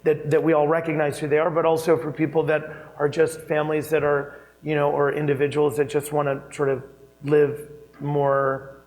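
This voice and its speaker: A man with a fairly high voice talks as an on-stage keynote guest. He tells his stories chattily and with animation, circling back with fillers and laughing along the way. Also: darkish tone, poor audio. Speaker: keynote speaker, interior designer. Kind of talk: conversational storytelling on stage.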